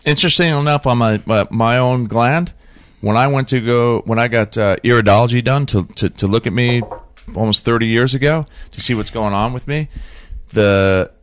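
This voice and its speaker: Animated man telling stories. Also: medium pitch, moderate pace. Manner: animated storyteller who acts out quoted dialogue; repeats and restarts words when excited. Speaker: podcast guest. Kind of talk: casual conversation.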